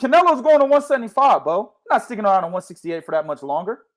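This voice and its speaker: Animated, high-voiced man ranting about boxing. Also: quick pace. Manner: animated, loud, slangy, swings between mumbling and shouting. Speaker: host of a boxing talk show. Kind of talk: casual boxing chat with heavy profanity.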